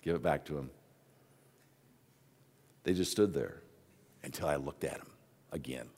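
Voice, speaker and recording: A man preaching a sermon as the pastor, telling stories with his voice swinging from hushed asides to loud exclaims. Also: a bass voice, measured pace, creaky, husky.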